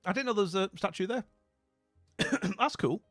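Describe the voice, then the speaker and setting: A middle-aged man chats on with his viewers, wandering through fillers and half-started sentences. His voice sits a touch high and sounds dry and close to the mic. Soft music plays quietly behind him. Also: expressive, normal speed, no echo. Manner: rambling, chatty, lots of fillers and restarts. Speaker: streamer. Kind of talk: casual chat with viewers' comments.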